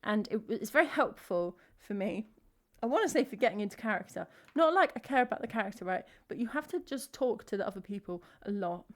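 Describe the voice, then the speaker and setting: A woman's voice: mid-range voice, lively intonation, brisk, hardly any pauses. An English woman talks casually between songs in a mid-range voice, the way a singer-songwriter chats with her stream. Her speech rambles and circles back on itself, with many "like" fillers as she thinks aloud. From England.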